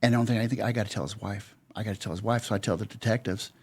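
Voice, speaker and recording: His voice is fairly low and darkish, steady in tone, racing along with a breathy edge. An older security veteran appearing as a podcast guest, he tells a casual story in plain speech, voicing both sides of conversations from the past.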